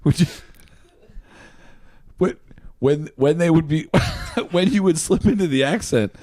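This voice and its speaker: A man's voice: fairly high pitch, slow, mellow, no echo, studio quality. A man hosting a podcast, asking eager questions and riffing along with his guest's jokes in casual chat. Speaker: podcast host.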